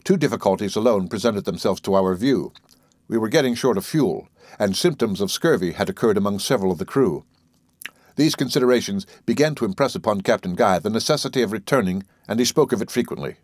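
Low-voiced man reading a sea adventure. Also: lively intonation, brisk, darkish tone, no echo, studio quality. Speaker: audiobook reader. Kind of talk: scripted narration.

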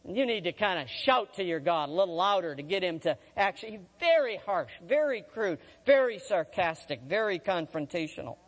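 A man preaching a sermon as a storyteller, voicing the quoted speakers and swinging from loud to hushed. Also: high voice, expressive, normal speed, hardly any pauses, long reverb tail. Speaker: former college chaplain preaching.

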